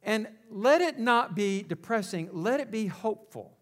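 Guy pastor w a high voice, sermon style, lots of call and response. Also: expressive, a little slow. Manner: rhetorical questions, call-and-response with congregation.

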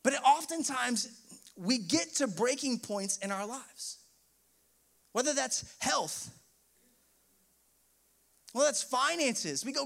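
A young pastor addresses his congregation slowly, his high, light voice animated, a bit bright and gravelly, with long pauses. Within a personal story in his sermon, he swells into emotional outbursts before easing back.

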